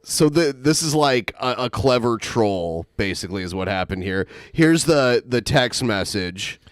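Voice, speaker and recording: Smooth, mid-pitched male co-host, wry and dry, close mic. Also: animated, unhurried, dry recording. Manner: wry, dry commentary with restarts. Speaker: podcast co-host. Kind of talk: casual comedic chat.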